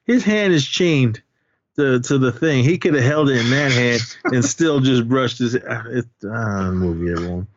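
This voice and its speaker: A man's voice: mid-range voice, moderate pace, muffled recording. A man co-hosting a podcast, casually retelling a film's plot with many fillers and quoting lines from it. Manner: rambling retelling with acted-out quotes and filler words. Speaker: podcast co-host. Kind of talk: casual movie recap chat.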